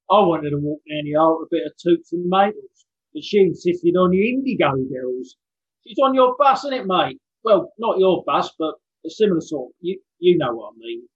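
Man playing a blunt skinhead, crude cheeky bloke, high voice, lo-fi call audio. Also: lightly acted. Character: rough working-class male skinhead, down on his luck, blunt. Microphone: video call.

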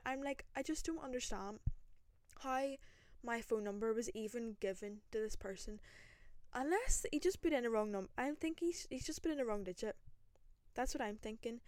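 A young woman with a Northern Irish accent tells a story on her solo podcast, playfully mocking herself and wandering off into asides. Her voice sits a little high and comes across smooth, close and completely dry. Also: no echo. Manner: animated, self-mocking, rambling with asides. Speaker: podcast host. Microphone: single podcast microphone.

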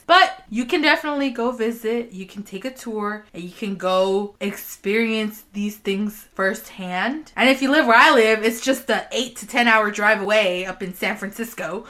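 A woman's voice: mid-range voice, pushed and bright. A woman co-hosting a casual podcast, chatty and giggly, often laughing and drifting off on tangents. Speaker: podcast co-host. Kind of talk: casual chat.

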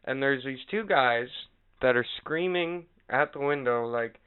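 A mid-pitched man with a very smooth, clear voice tells profane, animated stories on a casual podcast. He acts out other people's lines. The sound is thin, like a phone line. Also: measured pace. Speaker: podcast co-host. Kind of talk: casual storytelling chat.

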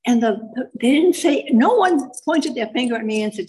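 A woman's voice: on the high side, expressive, moderate pace, warm tone, rough recording. A woman from Massachusetts giving a personal testimony to a live audience, wry and self-mocking as she tells her story. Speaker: speaker sharing her recovery story.

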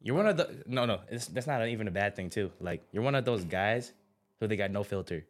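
A young man hosting a casual podcast chat, slangy and a little nervous, with quick laughs. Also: lowish voice, animated. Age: young adult. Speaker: podcast host.

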